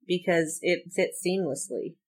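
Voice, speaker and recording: A woman's voice: on the low side, measured pace. A woman co-hosting a podcast, giving casual film commentary and sharing trivia in a blunt, opinionated way. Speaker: podcast co-host.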